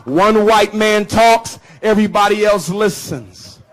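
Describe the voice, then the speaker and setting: A man giving an impassioned public speech to an audience in a rhythmic preaching cadence, punching key phrases with shouts. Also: sits high, takes it slowly, poor audio. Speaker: public speaker. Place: live event before an audience.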